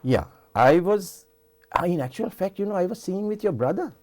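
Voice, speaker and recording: A man's voice: high voice, sing-song, fairly quick, a little mellow. An older man with a Sri Lankan English accent, a singer telling rambling stories in a television interview with many restarts. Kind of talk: casual storytelling interview. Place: television studio.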